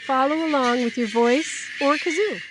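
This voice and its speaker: A woman's voice: sits high, moderate pace, background noise. A woman leading a guided laughter yoga class, playful and encouraging, often breaking into giggles. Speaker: yoga instructor.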